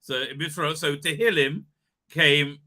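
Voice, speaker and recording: A man's voice: a little high, slow pace, bright, forceful tone. A man hosting a live online show, chatting casually and rambling with many fillers, restarts and laughs. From Israel. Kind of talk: casual live-stream chat.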